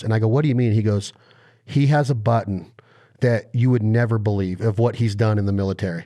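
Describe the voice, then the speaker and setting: Man, podcast host, animated and emphatic storytelling. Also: mid-range voice, brisk. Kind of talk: casual podcast interview.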